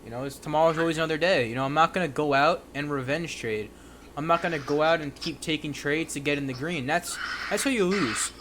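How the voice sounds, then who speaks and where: A man's voice: fairly high pitch, brisk. A young man hosts a trading stream in an easy, conversational way. He keeps stringing thoughts together with "you know" while a faint noise sits under the voice. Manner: relaxed, filler-heavy, lots of "you know". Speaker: livestream day-trading host. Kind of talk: casual chat.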